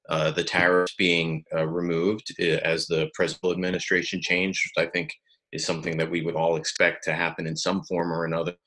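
Male host, very deep voice, measured and methodical questioner. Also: a bit bright. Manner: measured, lays out figures before asking. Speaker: interview host. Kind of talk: asking long questions.

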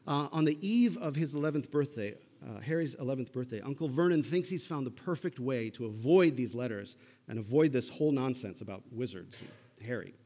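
A male pastor preaching in an easy, conversational manner, pausing to check that listeners follow. His mid-range voice carries a long reverb from a big hall. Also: medium pitch, animated, mellow. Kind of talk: sermon.

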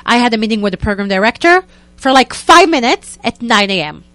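A young woman, a guest telling a story in a lively, casual way and acting out what people said. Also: a little high, brisk, no room sound. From Israel. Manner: animated, acts out quotes in other voices, many "like" fillers.

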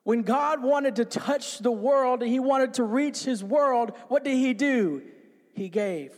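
A man preaching an energetic sermon in a small church, bouncing around and calling on the congregation to repeat after him. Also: extremely high pitch, slow, big-room sound. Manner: energetic, jumping about; call-and-response with congregation. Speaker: pastor. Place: small church with few people.

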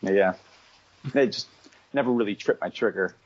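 A man's voice: lowish voice, moderate pace, highs cut off. A man, a comic book writer, talking in a loose, rambling way full of restarts and wry asides in a casual conversation.

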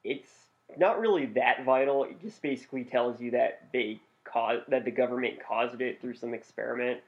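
Laid-back, dry young podcast co-host. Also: male voice, mid-range voice, normal speed. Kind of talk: casual chat. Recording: dull lo-fi podcast recording.

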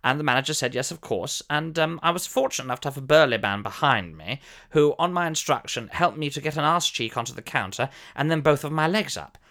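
A man's voice: on the high side, animated, fairly quick, pushed and bright. A man voicing a pompous elderly former soap actor, telling a fussy, theatrical comic story. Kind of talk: comic character monologue.

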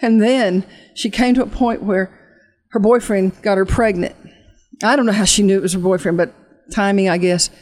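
A woman ministry leader telling an emotional testimony and leading an altar call, speaking earnestly with halting restarts and a fervent preaching cadence that slows for emphasis. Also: medium pitch, fairly even intonation, a little mellow.

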